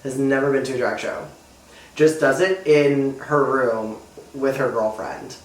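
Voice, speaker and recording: A man co-hosting a podcast, reviewing a TV episode in casual, enthusiastic chat with quick asides. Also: mid-range voice, echoey room, rough recording. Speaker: podcast co-host.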